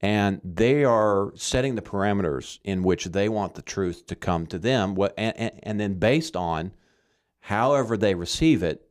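A man's voice: lowish voice, lively intonation, unhurried. A man from Arkansas giving earnest, emphatic Christian teaching in conversation, often checking in with "okay?".

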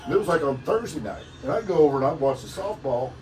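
A man's voice: a little high, lively intonation, fast. A middle-aged man from Missouri reminiscing in a laid-back, profane way during a casual chat. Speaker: podcast guest. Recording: echoey room, distant mic, loud noise.

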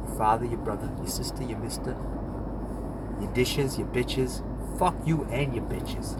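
A man in his thirties hosting a podcast, ranting angrily and profanely, dropping to a mutter then yelling, from inside a parked car. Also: on the high side, lively intonation, normal speed, background noise. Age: 30s. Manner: angry, foul-mouthed, swings between mutter and yelling. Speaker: podcast host. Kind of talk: profane comic rant. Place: in a car in a parking lot.

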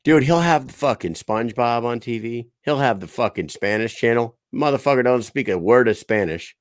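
A man's voice: mid-range voice, lively intonation, moderate pace, no room sound, clean studio sound. Profane laughing man co-hosting a podcast. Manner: profane, laughing, mimics family members. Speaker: podcast co-host. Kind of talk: crude casual chat.

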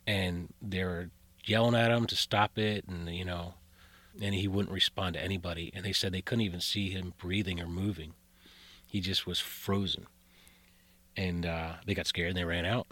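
A man's voice: low voice, fairly even intonation, moderate pace, a bit bright. A man telling eerie stories as a guest in casual talk, rambling with many fillers and restarts. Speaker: guest storyteller. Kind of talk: casual spoken storytelling.

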